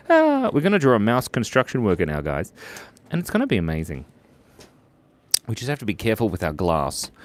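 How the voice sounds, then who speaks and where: A man's voice: fairly low pitch, no room sound. A man hosting a casual live drawing stream, giggly and playful, telling silly jokes while he draws at his desk at home. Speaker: art stream host.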